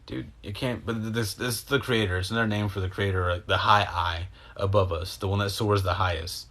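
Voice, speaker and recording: Rambling, profane low-voiced man. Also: brisk. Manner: rambling, profane, jumps between thoughts; animated, acts out his own reactions. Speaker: podcast host. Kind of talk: casual storytelling.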